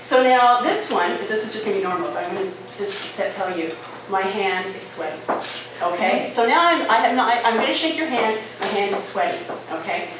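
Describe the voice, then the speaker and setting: A woman giving a live talk at a conference, conversational and lively, often checking in with "right?" and "okay?". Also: mid-range voice, a little fast. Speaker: conference speaker. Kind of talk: live presentation to an audience. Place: conference room with audience. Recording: echoey, distant hall recording with noise.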